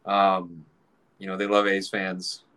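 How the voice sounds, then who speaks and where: A man in his forties telling a casual story, animated, swearing freely and acting out other people's voices. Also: low voice, slow, slight background noise.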